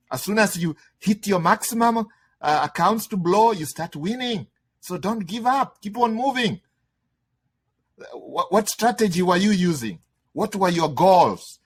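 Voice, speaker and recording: Brief: male trading coach, webinar talk, repeats himself, slightly high pitch. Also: husky. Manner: emphatic, conversational, repetitive, checks in with "okay?". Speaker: trading instructor. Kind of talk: webinar lecture.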